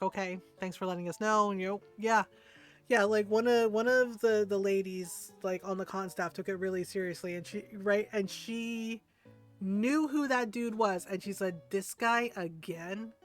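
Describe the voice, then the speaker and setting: A woman's voice: mid-range voice, clear, resonant tone. A woman streamer chatting casually while gaming, rambling with lots of fillers and asking "right?" often, over faint background music.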